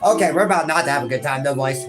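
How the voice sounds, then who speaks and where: A man with a notably high voice hosts a game stream in relaxed banter, chuckling and calling his friend buddy. Music is clearly audible behind him. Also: racing. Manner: laughs a lot, calls the other "buddy". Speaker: host. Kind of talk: casual let's-play banter.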